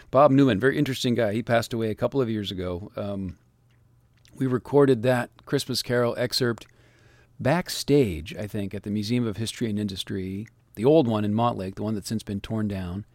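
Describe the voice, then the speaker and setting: A man's voice: lowish voice, moderate pace, darkish tone, no room sound. A man hosting a radio show, talking casually and reflectively with small restarts.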